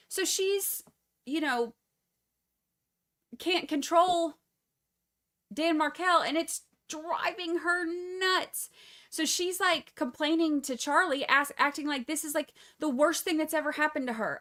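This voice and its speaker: A woman giving casual, animated true crime commentary on a livestream, sarcastic and full of mocking asides. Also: high voice, unhurried.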